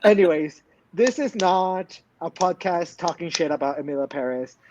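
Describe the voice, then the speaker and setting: High-voiced man co-hosting a podcast. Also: moderate pace, darkish tone, dull audio, a little hiss or hum. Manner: emphatic, blunt, swears freely. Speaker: podcast co-host. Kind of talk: casual recap chat.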